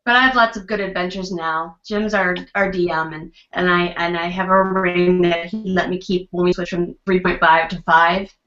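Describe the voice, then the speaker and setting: A woman guest on a podcast chatting casually in a rambling, animated way, on a lo-fi recording. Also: lowish voice, moderate pace, few pauses, soft background music. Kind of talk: casual chat.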